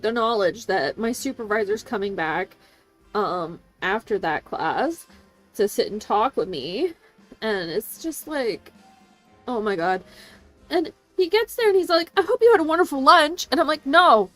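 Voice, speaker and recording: Woman, higher voice, casual vlog rant, swears a lot, quotes others in voices, faint music underneath. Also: big pitch swings, a little slow. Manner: venting, swearing, quoting people in voices. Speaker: assistant language teacher. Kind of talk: casual storytime chat.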